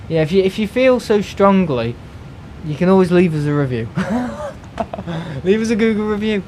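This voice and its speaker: A man's voice: high voice, animated, normal speed, a little mellow, slight background noise, rough recording. A young man, chatting casually on a live stream, rambling and grumbling as he talks. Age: young adult. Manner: rambling, grumbling, mimics other people in asides.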